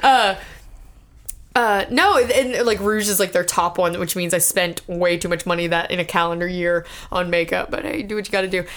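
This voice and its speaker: A woman's voice: on the low side, fairly even intonation, moderate pace, a bit bright. A young woman co-hosting a podcast, chatting casually with friends in a rambling, laughing way with lots of restarts. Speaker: podcast co-host. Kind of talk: casual chat among friends.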